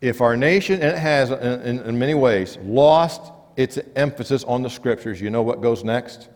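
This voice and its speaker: Man preaching in a reverberant church. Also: moderate pace. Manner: rising and dropping emphatic delivery, quiet low stresses. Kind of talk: sermon. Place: church sanctuary.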